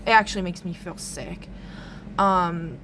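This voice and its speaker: A woman's voice: fairly low pitch, a little slow, background noise. A woman talking through a strange dream in a loose, rambling vlog monologue, full of "like" and casual swearing. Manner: rambling, lots of "like", frequent swearing. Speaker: tarot reader recounting a dream.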